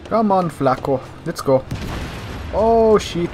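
A man playing a cocky action hero in a put-on, faltering foreign accent, hamming it up over gameplay and muttering low asides. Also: expressive, takes it slowly, over music. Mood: swaggering. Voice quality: boastful, hammy, drops to low mutters for asides. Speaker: gaming YouTuber. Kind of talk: comedic gameplay commentary in character.

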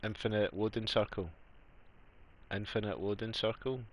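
A man's voice: on the low side, steady tone, normal speed, a little hiss or hum. A man live-streaming a game, chatty and joking, laughing often as he talks to his viewers. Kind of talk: casual live-stream chat.

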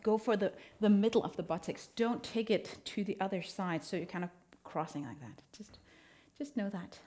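Lady fitness teacher, slow and easy pace, chatty and upbeat, laughs a lot while counting reps. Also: medium pitch, a little mellow. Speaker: fitness instructor. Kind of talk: workout instruction.

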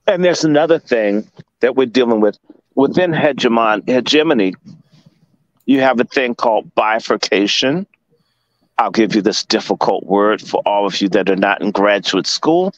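A man's voice: fairly low pitch, normal speed, no echo, dull audio. A man from Washington, D.C., a guest commentator lecturing in emphatic, profane casual talk.

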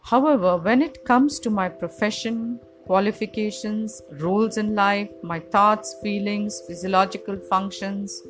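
A woman teaches in a calm, deliberate voice of middling pitch, laying out ideas step by step in long, measured lists. Music plays clearly underneath her words. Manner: calm, deliberate, list-like phrasing. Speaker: Vedanta teacher. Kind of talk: measured spiritual teaching talk. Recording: music playing behind the voice.

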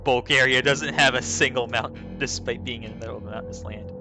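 Speaking fast in a medium-pitched, fairly even voice, a man reads a text adventure's story aloud as he plays. It's casual let's play commentary full of laughing and swearing at the game, and background music comes through clearly.

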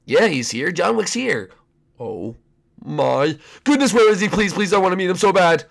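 A man voicing an excitable, starstruck young male koopa prince in a Minecraft role-play, gushing and stammering. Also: high voice, moderate pace, gravelly, exaggerated voice.

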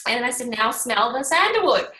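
Animated woman healer in an echoey room. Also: fairly high pitch, brisk. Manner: animated storytelling, acts out quoted voices. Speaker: energy healer. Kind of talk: casual workshop chat. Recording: roomy echo.

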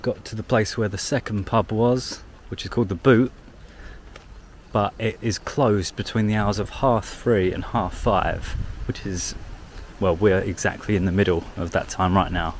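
A man's voice: fairly low pitch, fairly even intonation, moderate pace. A young man chatting casually while walking through the countryside for his vlog, amused and talkative, filming on a handheld camera. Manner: chatty, amused commentary with frequent "like". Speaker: walking vlogger. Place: outdoors, countryside fields and villages. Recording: outdoor noise, wind and passing traffic.

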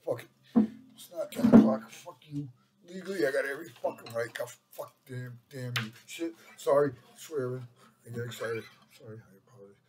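A man's voice: mid-range voice, moderate pace, heavy background noise. An older man rambling to a webcam, swearing and mocking himself. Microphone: webcam mic.

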